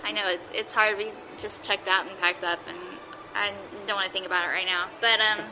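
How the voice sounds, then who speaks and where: A woman hosting a casual roundtable chat, telling stories in an animated way with quick laughs. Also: medium pitch, noisy background. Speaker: podcast host.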